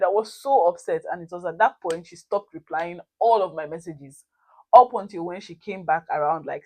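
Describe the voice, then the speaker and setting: Young woman, lowish voice, chatty animated storytime vibe. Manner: animated, expressive storytelling with frequent laughter. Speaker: vlogger. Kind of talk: casual storytime.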